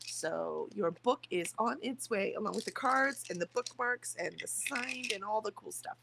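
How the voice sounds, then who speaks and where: A woman hosting a morning writing livestream, chatting casually and reading viewer comments aloud, her voice rough from the early hour. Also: medium pitch, moderate pace, background noise. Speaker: streamer hosting writing sprints.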